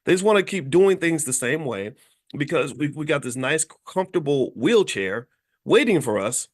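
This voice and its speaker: A man's voice: a little high, very animated, normal speed. A middle-aged man from Kentucky hosting a motivational commentary monologue, blunt and emphatic, repeating words as he drives home each point. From Louisville, Kentucky, USA. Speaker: host.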